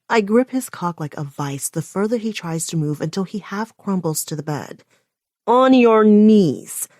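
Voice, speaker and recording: A woman with a lowish voice reads a first-person romance audiobook. Her delivery is intimate and often sinks to a hushed near-whisper. The sound is close and dry, with no room around it. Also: no echo. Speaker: audiobook narrator.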